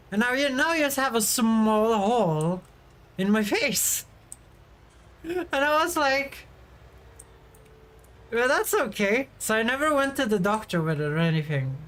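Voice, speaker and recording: A woman's voice: on the high side, fairly bright tone. A woman streamer chatting casually while she plays a farming game, rambling and now and then bursting out in frustration. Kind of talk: casual livestream chat while gaming.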